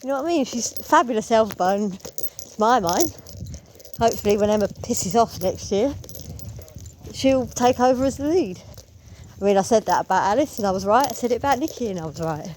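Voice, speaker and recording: A woman's voice: a little high, animated, fairly quick, darkish tone, slight background noise. A woman telling a rambling, opinionated story as a theatre fan vlogger. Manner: chatty, opinionated, rambling with asides. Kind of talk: casual storytelling vlog.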